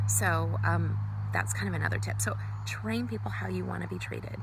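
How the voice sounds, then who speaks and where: A middle-aged woman giving earnest life advice in a casual motivational talk, with many fillers, brightly acting out the greetings she quotes. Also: fairly low pitch, brisk, vocal fry, background noise. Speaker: ministry speaker giving life tips.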